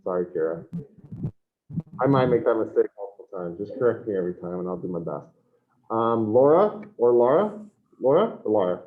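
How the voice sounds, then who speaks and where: A man's voice: fairly low pitch, a little fast, pauses often. Scattered male teacher on a tinny video call. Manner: scattered, self-correcting, apologetic. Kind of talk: taking attendance in an online class.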